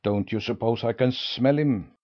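A man voicing a big, shaggy, irritable old watchdog in a storybook, barking his words gruffly. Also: medium pitch, normal speed, muffled recording, natural voice.

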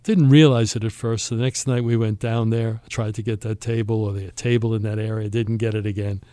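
A man hosting a podcast, telling a travel story in a lively way and acting out the other people's lines. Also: lowish voice, fairly quick, no echo. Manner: animated storyteller, acts out quoted voices. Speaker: podcast host. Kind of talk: storytelling chat.

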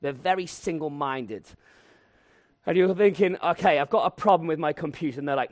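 A man preaching a lively, humorous sermon and acting out voices to tell the story. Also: fairly high pitch, a little fast, no room sound, studio quality.

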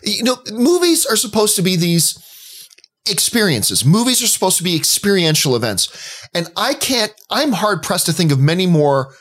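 A man with a slightly raised pitch co-hosts a casual movie podcast. He tells his stories with open emotion and enthusiasm, building up to the moments he loves. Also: very animated, normal speed, a bit bright. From Canada. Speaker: podcast co-host.

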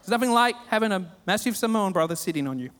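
A man with an Australian accent preaching a sermon, telling stories with humor and animated retellings. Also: sits high, fast talker, long reverb tail, slight background noise. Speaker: pastor.

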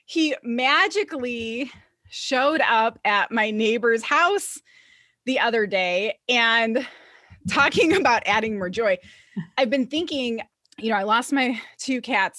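Bubbly woman host, fairly high voice, dry close recording, laughs easily. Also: expressive, measured pace, bright, forceful tone, no room sound. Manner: bubbly, laughs often, acts out her own thoughts. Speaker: podcast host. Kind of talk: casual podcast chat.

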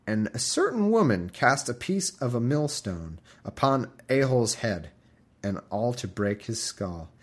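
A man's voice: mid-range voice, very animated, a little slow. A man hosting a podcast, reading scripture aloud with wry, irreverent asides. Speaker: podcast host. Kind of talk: comedic scripture reading with commentary.

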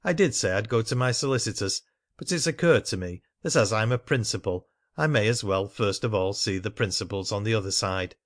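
A man's voice: on the low side, a little fast, natural voice. A man reading a self-assured provincial businessman. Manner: polite and confident.

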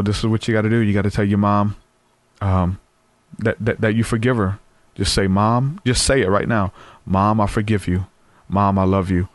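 A man tells his story in an earnest, easygoing way, often restarting his sentences. His voice sits low. The sound is close and dry, with no room echo. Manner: earnest, conversational, frequent fillers and restarts. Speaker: guest sharing testimony. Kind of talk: casual storytelling.

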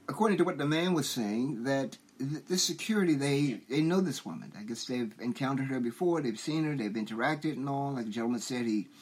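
A man hosting a commentary show, talking slowly and preachily and asking his listeners rhetorical questions. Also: medium pitch, a little mellow. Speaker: show host. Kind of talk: commentary monologue.

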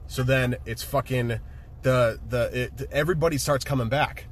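A man casually retelling a movie with excitement, swearing freely and laughing often. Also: mid-range voice, moderate pace, a little hiss or hum. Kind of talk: casual chat, movie recap.

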